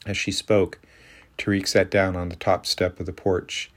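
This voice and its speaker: A man narrating a story in a calm, steady reading voice. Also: low-pitched, normal speed. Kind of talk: audiobook narration.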